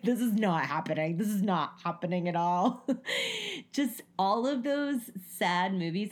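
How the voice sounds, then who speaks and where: Giggly animated woman with a lowish voice. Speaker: podcast co-host. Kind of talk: casual chat.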